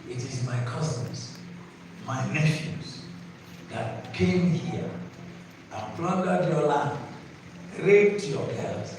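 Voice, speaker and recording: A man with a Nigerian accent preaching to a live audience, telling a story with animated, shouted voices of the crowd. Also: fairly high pitch, slow pace, pauses often. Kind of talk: sermon storytelling. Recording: echoey hall, distant mic, noisy.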